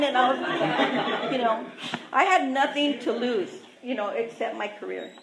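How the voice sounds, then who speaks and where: A woman's voice: on the high side, lively intonation, normal speed, a loud crowd. A woman sharing her own recovery story, candid and self-mocking, chatty with lots of asides. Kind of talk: personal recovery testimony. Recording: echoey room.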